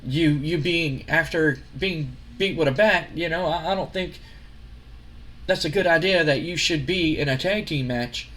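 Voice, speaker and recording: A man's voice: a little high, measured pace, fairly bright tone, voice pushed up. A man voicing a worried adult son and company executive who pleads hesitantly.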